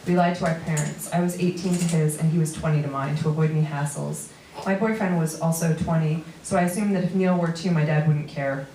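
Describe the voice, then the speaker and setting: A woman with a New York accent and a low, dark-toned voice reads her own story to a theater audience. She keeps a steady reading pace and drops in dry asides. The sound is roomy and distant, with a faint hum behind her. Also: brisk. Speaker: comedian reading a memoir piece. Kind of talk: live reading of personal prose. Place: small theater stage before an audience. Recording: roomy live venue recording from afar.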